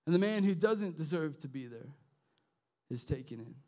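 A man preaching a youth sermon, impassioned and conversational, with slang and restarts, swinging from quiet to shouting. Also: a little high, lively intonation, normal speed. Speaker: youth pastor. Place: youth service hall.

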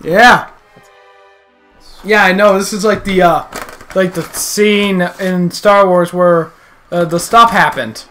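A man giving casual, jokey gameplay commentary, excitable and full of trash talk. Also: sits high, slow pace, long pauses, faint music behind. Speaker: video game player.

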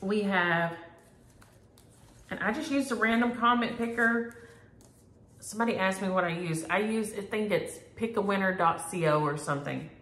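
A middle-aged woman talks in a homey, chatty way, sprinkling in y'all as she shows off her stitching and happy mail. Her voice sits at an ordinary pitch for a woman. It carries a noticeable echo from a room at home, picked up by a camera mic. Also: moderate pace, a bit bright. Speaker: flosstube host. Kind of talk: casual chat to camera. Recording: echoey room.

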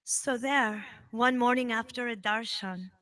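A woman with a bright, high voice gives a devotional talk at a spiritual center. She tells her story with emphasis and animation, building each point as she goes. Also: measured pace. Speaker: devotional speaker.

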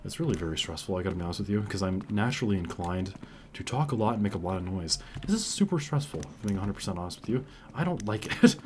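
A man doing let's-play commentary on a horror game. He talks to viewers in a hush, swears, and yells in panic. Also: low voice, big pitch swings, fast talker, a little hiss or hum. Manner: hushed and careful, then yelling in panic. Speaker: gaming video creator. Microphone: desk mic.

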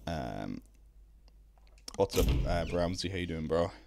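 Low, gravelly Irish guy streaming games. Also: very animated, heavy background noise. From Ireland. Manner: laid-back, drawn-out ums, greets chat. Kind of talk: casual live-stream chat while gaming.

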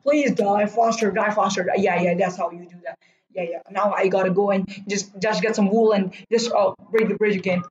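A man giving live commentary while streaming a game, urging himself on and breaking into loud whoa and no cries. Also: high-pitched, steady tone, moderate pace, echoey room, dull audio. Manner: talks to himself and urges teammates on. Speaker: gaming streamer.

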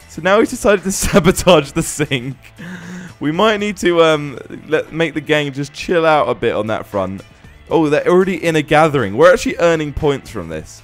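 A young man casually commenting on a life-simulation game as host, often laughing and exclaiming at what happens on screen. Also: fairly high pitch. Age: young adult. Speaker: gaming channel host.

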